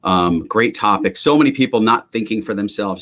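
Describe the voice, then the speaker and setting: A man hosting a motivational live stream, talking emphatically in an energetic, ranting way. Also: fairly low pitch, moderate pace, hardly any pauses. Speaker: livestream host. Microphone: webcam or computer mic on a live stream.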